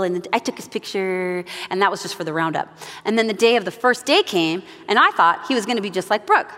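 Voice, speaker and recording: A middle-aged woman leading a moms' Bible study, sharing family stories in a chatty, animated way. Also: medium pitch. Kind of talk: devotional teaching with personal stories. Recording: long reverb of a large room.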